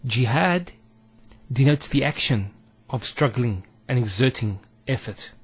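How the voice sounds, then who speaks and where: A man teaching a recorded Arabic lesson, speaking deliberately and drawing out vowels to show pronunciation. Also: medium pitch, animated, breathy edge.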